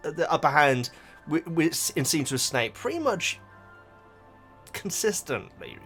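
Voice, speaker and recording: A man talks through a book in a loose, rambling way, laughing as he goes. His voice is bright and lifts and drops all over the place, and soft music plays underneath. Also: on the high side, very animated, a little slow. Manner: rambling, enthusiastic, laughs often. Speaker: YouTube reactor. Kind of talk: casual chat, book review.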